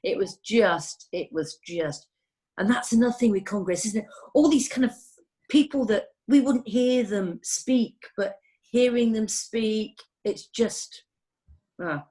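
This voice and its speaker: A woman's voice: a little high, animated, measured pace, warm tone, breathy edge. A woman nurse in casual conversation, telling anecdotes in a chatty, rambling way. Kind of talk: casual chat.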